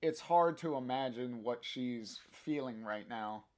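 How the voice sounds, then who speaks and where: Guy reading a tired punk girl, slow and halting. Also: mid-range voice, darkish tone, lightly acted. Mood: downcast. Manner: read plainly, hesitant with fillers. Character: young woman, blue-haired punk artist, weary.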